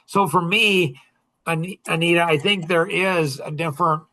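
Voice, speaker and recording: Storytelling man with a higher voice. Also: unhurried. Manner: storytelling, animated retelling of conversations. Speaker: coach answering audience questions. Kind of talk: casual Q&A podcast talk.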